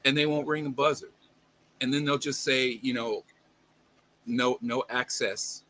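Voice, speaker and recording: A man's voice: mid-range voice, steady tone, normal speed, pushed and bright, no room sound. A man in casual chat, talking emphatically and swearing as he complains.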